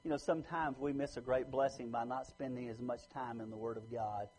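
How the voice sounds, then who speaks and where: A man from the United States preaching a sermon, swinging between loud emphatic lines and low quiet ones. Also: a little fast, breathy edge, rough recording. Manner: lively preaching, rising loud for emphasis then dropping low.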